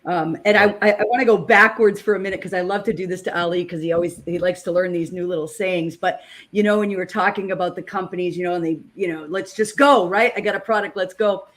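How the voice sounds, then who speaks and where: A woman's voice: fairly low pitch, fairly even intonation, fast. A woman with a New England accent in a casual panel discussion, talking earnestly and emphatically, often repeating words as she starts a thought.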